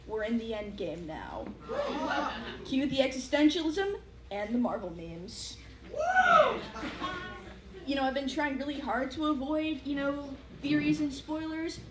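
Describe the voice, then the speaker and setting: A young woman performs stand-up in a large hall, her voice sitting high. She talks in a wry, self-deprecating way, full of fillers. The mic is noisy and the room echoes. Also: lively intonation, unhurried, pauses often. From United States. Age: young adult. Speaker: student stand-up comic. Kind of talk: stand-up comedy set. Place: large hall with a live audience.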